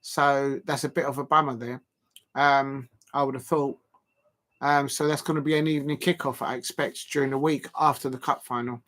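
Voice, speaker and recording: A man's voice: medium pitch, little pitch movement, moderate pace, fairly bright tone. A man hosting a casual live stream, rambling and joking, with the odd mock moan. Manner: rambling, jokey, prone to mock moaning.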